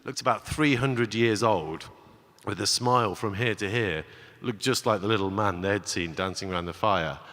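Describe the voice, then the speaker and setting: A man with a fairly low voice tells a rambling personal story from a conference stage, often stopping to restart his sentences and acting out what people said. His voice carries into a large hall with a long, trailing reverb, picked up by a stage microphone. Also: moderate pace, pushed and bright. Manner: chatty, with many restarts and acted-out quotes. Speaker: conference speaker.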